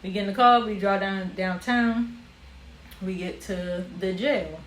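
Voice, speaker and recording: A young woman telling a personal story in a casual vlog, animated, with casual slang. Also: mid-range voice, unhurried. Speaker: vlogger. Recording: roomy echo with faint ambient noise.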